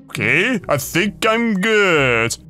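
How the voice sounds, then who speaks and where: A man giving frantic, panicky gameplay commentary, yelping and shouting between rambling fillers, with faint music behind him. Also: sits high, big pitch swings, takes it slowly. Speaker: gaming YouTuber.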